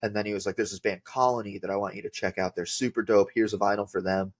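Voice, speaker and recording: A man's voice: fairly low pitch, steady tone, fast. A man, a podcast guest telling rambling casual stories with lots of filler words. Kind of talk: casual storytelling.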